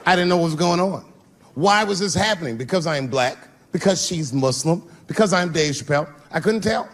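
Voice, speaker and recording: A man performing stand-up comedy on stage in front of a live audience, animated and bursting into shouts. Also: a little high, brisk. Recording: noisy live show recording.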